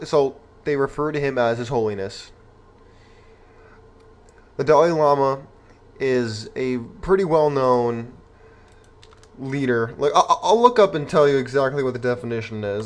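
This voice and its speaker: A man's voice: mid-range voice, clear, resonant tone. A young man hosting an opinion commentary show, reading news aloud and reacting with rhetorical, indignant outrage.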